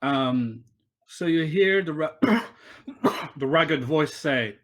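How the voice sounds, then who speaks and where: A man's voice: fairly high pitch, animated, drawn-out words. A man running a tabletop game over a voice call, narrating loosely with many fillers and restarts. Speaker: game master. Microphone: online voice call.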